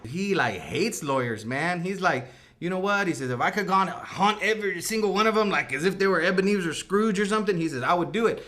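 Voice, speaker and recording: A man's voice: sits high, expressive, fairly quick, sharp tone. A man playing a laid-back night-shift janitor, telling his story in a rambling, slangy comic interview. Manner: rambling slangy talk, lots of "like" and "right?". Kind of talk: comic mock-news interview.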